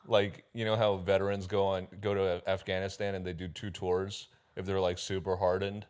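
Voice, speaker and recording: A man's voice: deep voice, flat delivery, moderate pace, a little mellow, clear, resonant tone. A man co-hosting a podcast in casual chat, playful and prone to joking rants. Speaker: podcast co-host.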